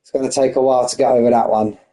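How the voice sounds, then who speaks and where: A man commentating a sim racing league race, excitable and out of breath, firing off shout-outs. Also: mid-range voice, racing, rough recording. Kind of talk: live esports race commentary.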